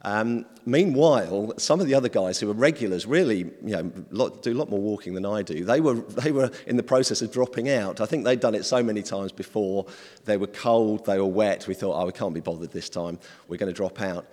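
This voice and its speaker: A man playing a preacher, fairly low voice, chatty and halting delivery, long hall echo. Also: darkish tone. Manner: conversational and hesitant, with many ums. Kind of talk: informal sermon.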